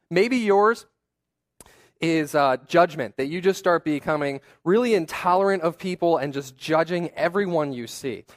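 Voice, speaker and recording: A man's voice: on the high side, expressive, measured pace. A young adult man giving a sermon as a pastor, talking in a conversational, self-deprecating way with personal stories and asides.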